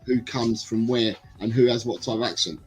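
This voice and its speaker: A man's voice: medium pitch, moderate pace, husky, soft background music, rough recording. Rambling guy hosting a football stream. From England. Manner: rambling, reads out chat comments. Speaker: livestream host. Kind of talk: casual football chat.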